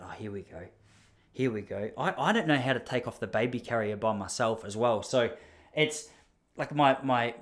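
An Australian man in his thirties, telling a casual story in a rambling, self-deprecating way with many asides. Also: mid-range voice. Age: 30s.

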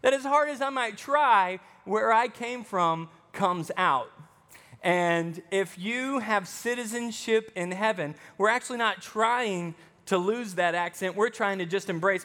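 A man with a light Arkansas Southern accent preaches from the pulpit, mixing scripture with easy, joking asides. His voice sits high for a man, and it rings out with a long reverb through the church. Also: unhurried, pushed and bright. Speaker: pastor. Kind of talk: sermon.

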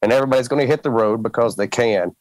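A relaxed man with a strong Southern accent talks as a guest in a casual chat, laughing easily between thoughts. His voice sits at an ordinary middle pitch. The sound is dry and close, with no room around it. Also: very fast, no room sound, poor audio. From Mississippi. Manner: easygoing, laughs often. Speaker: guest musician.

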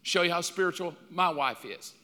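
A man in his fifties preaching a sermon, telling stories with animated, mock-outraged outbursts. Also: a little high, moderate pace, in a large hall. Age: 50s. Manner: animated storytelling, jumps up loud in mock outrage. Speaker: pastor.

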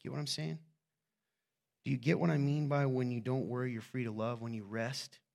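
A man's voice: mid-range voice, steady tone, moderate pace, creaky, a little mellow. Chatty male pastor preaching casually. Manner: chatty, joking, keeps asking "right?". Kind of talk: conversational sermon.

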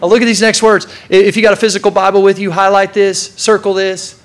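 A man preaching a casual, energetic sermon, repeating key lines and calling on the congregation to answer. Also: high voice, fast talker. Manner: casual, energetic preaching with repetition and audience call-outs. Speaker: pastor.

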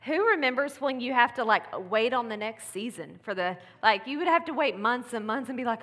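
Woman preaching casually, bright voice, long church reverb, chatty. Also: a little high, lively intonation, a little fast, few pauses. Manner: chatty, warm-hearted, laughing asides. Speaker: pastor's wife giving a Mother's Day message. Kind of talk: casual sermon. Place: church sanctuary.

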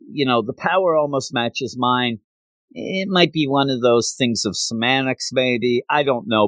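A man casually retelling a comic book story in a chatty, animated way, acting out the scenes as he goes. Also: medium pitch, dry recording.

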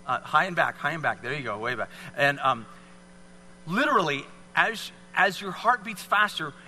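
A man's voice: a little high, expressive, moderate pace, sharp tone, in a large hall, slight background noise. Upbeat man coaching an audience. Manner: encouraging, coaxing, repetitive cues. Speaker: speaker leading a fitness demonstration. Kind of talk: live talk to an audience with volunteers.

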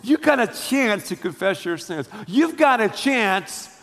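A man preaching a sermon, telling the story in a lively, slangy way. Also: sits high, a little slow, in a large hall. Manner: animated storytelling with slangy asides. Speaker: pastor.

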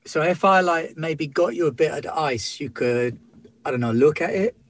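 A man's voice: a little high, moderate pace, a little hiss or hum. A man playing a tabletop character in a put-on accent, blunt, dismissive and swearing. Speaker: tabletop role-player. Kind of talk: in-character tabletop role-play.

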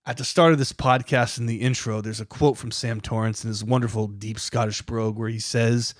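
A man's voice: medium pitch, fairly even intonation, brisk, dry recording, studio quality. A man hosting a podcast, reading scripted documentary narration with a dramatic, building emphasis. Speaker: podcast host.

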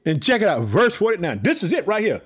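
Fired-up man preaching with shouts. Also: high voice, fast talker, breathy edge. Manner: excited, shouting, preaching with repeated catchphrases. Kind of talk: fiery sermon.

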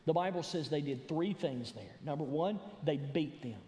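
Animated preaching man in echoey church. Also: on the high side, moderate pace. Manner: animated preaching, rising to shouts for emphasis. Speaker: pastor. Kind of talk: sermon. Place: church sanctuary.

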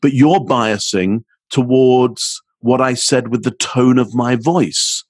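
A man's voice: medium pitch, slow pace, breathy edge, dry recording. A man being interviewed as a communications expert, explaining his ideas and demonstrating tones with his own voice. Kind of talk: podcast interview.

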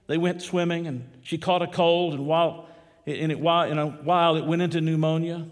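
A male pastor preaching an impassioned sermon, telling a story dramatically with big swings in pitch and loudness. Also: steady tone, brisk, big-room sound. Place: church.

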